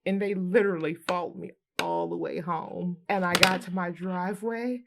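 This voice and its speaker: A military veteran woman telling a personal story to the camera in a lively way, laughing often as she goes. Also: lowish voice, moderate pace, noisy background. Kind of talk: personal anecdote told to camera.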